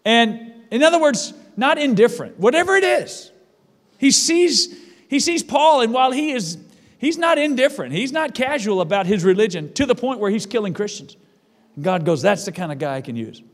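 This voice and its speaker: High-voiced man preaching in a reverberant hall. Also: expressive, moderate pace. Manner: emphatic preaching with repeated phrases. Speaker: pastor. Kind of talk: sermon. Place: church.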